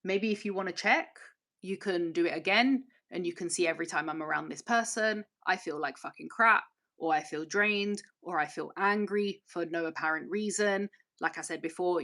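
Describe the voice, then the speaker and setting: A woman's voice: on the low side, normal speed, fairly bright tone. A woman hosting a casual livestream, reading viewer comments and chatting candidly, rambling and swearing freely. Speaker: channel host.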